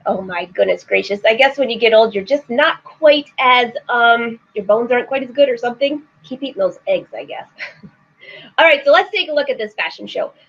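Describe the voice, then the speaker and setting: A middle-aged woman with a bright, high voice hosts a live sewing show, chatting and laughing with viewers as she reads out their comments. The stream audio is slightly dull and lo-fi. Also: lively intonation, normal speed. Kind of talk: casual live-stream chat.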